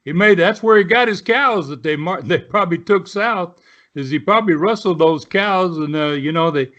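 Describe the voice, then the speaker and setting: A man's voice: high voice, normal speed, pushed and bright, lo-fi sound. A man in his seventies, a retired wrestler, telling rambling stories with many fillers. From southern United States. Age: 70s. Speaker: guest, retired pro wrestler. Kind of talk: casual storytelling.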